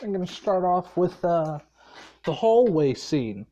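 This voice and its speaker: Tired, slow-talking man rambling a story. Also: high-pitched, very animated, mellow, highs cut off. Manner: rambling, full of fillers and swearing. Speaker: fan storyteller. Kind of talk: casual unscripted story retelling.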